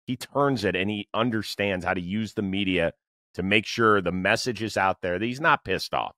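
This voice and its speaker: A man's voice: fairly low pitch, normal speed, pushed and bright, no echo, studio quality. A man hosting a sports talk interview, asking his guest chatty, enthusiastic questions. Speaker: podcast host.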